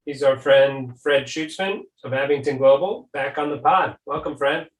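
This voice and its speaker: Chatty male host in an echoey room. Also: mid-range voice. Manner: friendly, chatty, quick follow-up questions. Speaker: podcast host. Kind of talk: casual interview talk. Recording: echoey room, distant mic.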